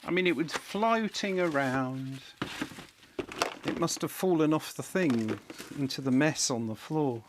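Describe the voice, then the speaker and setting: A man's voice: on the high side, expressive, measured pace, noisy background. A man on a live build stream, thinking aloud at his electronics workbench, muttering to himself while he checks parts and hunts for a lost cable, wry and self-deprecating. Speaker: electronics hobbyist host.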